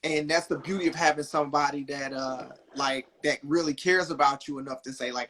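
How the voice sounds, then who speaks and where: Young guy on a podcast telling a story, bright voice, kinda high, real animated. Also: a little fast, few pauses. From New Jersey. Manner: animated, acts out quotes with big pitch jumps. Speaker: podcast host. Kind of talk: casual storytelling.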